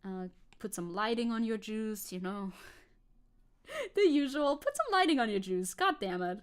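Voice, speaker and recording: A woman's voice: a little high, lively intonation, a little slow, clean tone. A woman chatting casually and playfully while she paints on a live stream. She rambles and jokes at her own expense. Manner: playful, rambling, self-joking.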